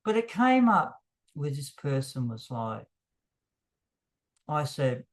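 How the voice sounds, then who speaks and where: A man talking frankly to camera about dating, blunt and self-deprecating, his voice jumping higher whenever he gets worked up. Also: big pitch swings, slow. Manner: emphatic, voice jumps higher when worked up. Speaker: vlogger. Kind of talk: unscripted monologue to camera.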